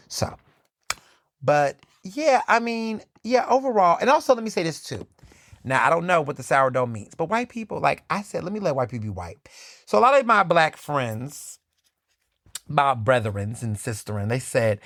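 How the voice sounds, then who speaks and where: Sassy, animated male podcast host. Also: mid-range voice, fairly quick, gravelly, no echo, studio quality. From Philadelphia, USA. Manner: animated, sassy, conversational, addresses listeners as "y'all". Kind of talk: casual solo commentary.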